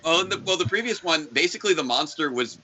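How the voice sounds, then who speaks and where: A man co-hosting a live stream in easy, joking conversation. His voice is very bright, with a lively, bouncing pitch. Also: fast, slight background noise, low-quality recording. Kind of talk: casual chat.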